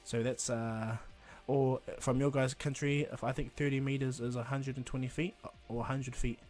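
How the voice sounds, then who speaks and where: A man narrating a fan-fiction story in a loose, rambling way, full of fillers and "and he goes". His pitch sits in the middle range, and faint music plays behind him. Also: level tone, normal speed, darkish tone. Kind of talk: casual fan-fiction retelling.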